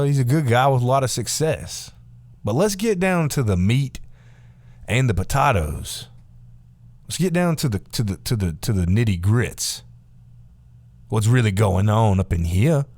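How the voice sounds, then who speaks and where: Profane rambling man with a lively pitch. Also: no room sound. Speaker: vlogger. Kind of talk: casual rant to camera.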